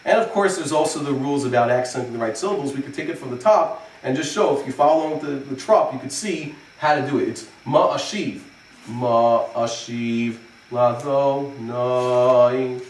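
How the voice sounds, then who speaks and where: A man teaching in an unhurried, informal way, breaking into chanted lines to show how each phrase goes. His voice sits a little high and comes from some distance off the mic. The room around him rings with echo. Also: animated. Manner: explains slowly, then chants phrases to demonstrate. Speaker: rabbi teaching cantillation. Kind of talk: informal lesson, explaining and singing verses.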